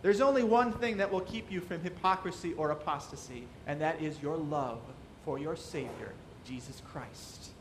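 A man's voice: a little high, moderate pace, hardly any pauses, a little hiss or hum. A man preaching a sermon as pastor, asking the congregation rhetorical questions and acting out quoted voices.

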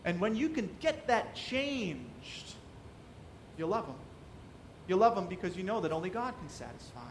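A man's voice: sits high, big pitch swings, moderate pace, slight background noise. A man preaching a sermon as pastor, asking the congregation rhetorical questions and acting out quoted voices.

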